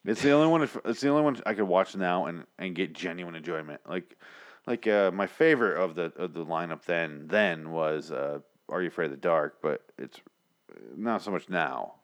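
A man's voice: deep voice, animated, normal speed. A man co-hosting a podcast, bantering casually with crude, sarcastic jokes and frequent laughter. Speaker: podcast co-host.

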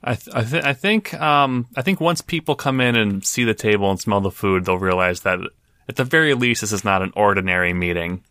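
A man playing a tabletop role-playing game, speaking easily but with some hesitation. His voice is bright and forward, recorded close in a dry space. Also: on the low side, expressive, fairly quick, clean tone, no echo. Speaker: player.

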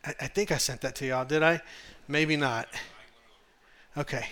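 A man from Texas with a Texan accent, preaching a sermon on a church stage, telling stories in an animated way with frequent laughter and shouting. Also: fairly high pitch, moderate pace. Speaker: pastor.

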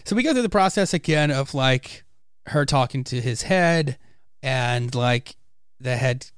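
A man's voice: mid-range voice, lively intonation, a little slow, smooth, no echo, clean studio sound. A man hosting a casual podcast about comics, animatedly retelling scenes and acting out the characters' lines. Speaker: podcast host. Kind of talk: casual comic book discussion.

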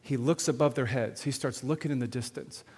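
A man preaching to a live audience on sharing faith, animated, often asking the crowd questions and checking in with "okay?". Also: medium pitch, a little fast, husky. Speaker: evangelism speaker. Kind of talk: sermon-style teaching to an audience. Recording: long hall reverb.

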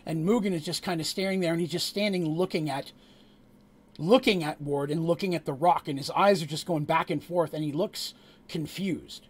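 A man narrating a tabletop game as game master, telling the story with animated asides to the players. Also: a little high, moderate pace, husky.

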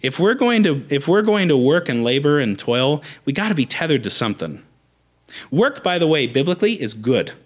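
A young adult man preaching a sermon as a pastor, emphatic and animated, repeating rallying phrases. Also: on the high side, normal speed.

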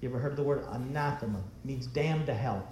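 A man's voice: mid-range voice, quick pace, darkish tone, roomy sound. A man preaching a sermon as pastor, emphatic and full of rhetorical questions.

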